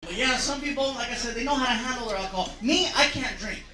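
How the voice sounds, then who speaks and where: A man's voice: very high voice, fast, bright, forceful tone, reverberant. A man doing stand-up on stage before a live audience, telling stories and acting out voices and sound effects. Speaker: stand-up comedian. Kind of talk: stand-up storytelling. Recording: live show with audience noise.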